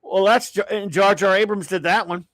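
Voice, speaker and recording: A man's voice: high voice, fairly even intonation, normal speed, a bit bright, no room sound. A middle-aged man hosting a casual live-stream show, ranting with exasperated sighs, rambling restarts and trailing remarks. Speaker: show host.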